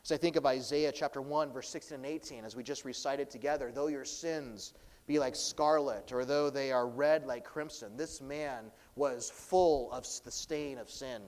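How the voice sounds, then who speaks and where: A pastor delivering a sermon, preaching with swelling, dramatic emphasis. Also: male voice, mid-range voice, steady tone, moderate pace, darkish tone, in a large hall.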